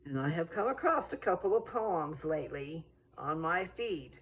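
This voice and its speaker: A woman's voice: sits low, animated, moderate pace, poor audio. An American woman chatting casually in a meandering, think-aloud way while out walking. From United States. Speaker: vlogger. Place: outdoors on a walk.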